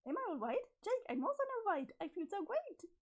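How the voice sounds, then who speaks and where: A manic young woman on a sugar rush, as a woman reader puts her on, squeals and gushes with lovestruck glee. Her voice sits very high and leaps wildly up and down. It is a dramatic webcomic reading done over a stream. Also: big pitch swings, fairly quick, full character voice. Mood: manic giddy. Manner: squealing, gushing, over-the-top cheerful.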